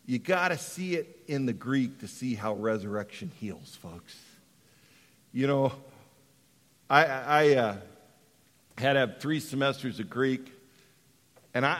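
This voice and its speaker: Middle-aged male preacher, slow and bright-toned, dramatic swings between quiet and loud. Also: medium pitch, expressive, long reverb tail. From Western Colorado. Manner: dramatic, swings from hushed to shouting. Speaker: pastor. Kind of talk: sermon.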